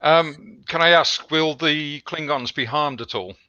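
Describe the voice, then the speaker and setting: Man, tabletop player, captain in character, bright tense tone, lo-fi dry recording. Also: fairly high pitch, unhurried, no echo. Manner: speaks in character with hesitant fillers. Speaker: player voicing the ship's captain. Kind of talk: casual tabletop role-play.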